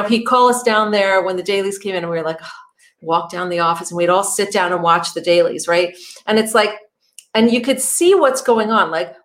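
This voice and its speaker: Middle-aged woman as a chatty acting coach leading a group session. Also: mid-range voice. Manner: conversational, peppered with "you know" and "right?".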